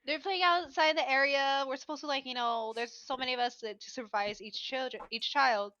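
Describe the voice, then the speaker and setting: A woman who works as a teacher, telling animated stories in a casual podcast chat and acting out the children's voices. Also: high voice, brisk, no echo, lo-fi sound. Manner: animated storyteller, acts out kids' voices. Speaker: preschool teacher.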